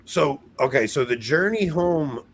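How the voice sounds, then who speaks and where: Animated male podcast host, lively pitch. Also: measured pace. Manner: animated, laughs at himself, trails off and restarts. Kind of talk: casual chat.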